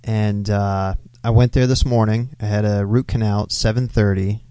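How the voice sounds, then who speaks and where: Casual podcaster, man, lowish dark voice, relaxed rambling storyteller. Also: normal speed, dry recording. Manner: laid-back storytelling, swears often. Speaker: podcast co-host. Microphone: close studio mic.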